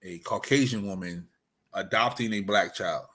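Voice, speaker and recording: A man's voice: low-pitched, normal speed, husky. A man co-hosting a podcast in casual chat, explaining terms and asking questions. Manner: relaxed, explains and asks questions. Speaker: podcast co-host.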